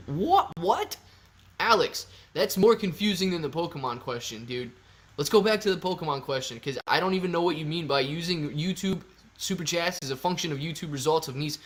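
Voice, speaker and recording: Excitable higher-voiced male streamer. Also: a little hiss or hum. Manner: excitable, loud bursts of enthusiasm, slangy. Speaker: livestream host reading viewer super chats. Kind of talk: casual live-stream chat.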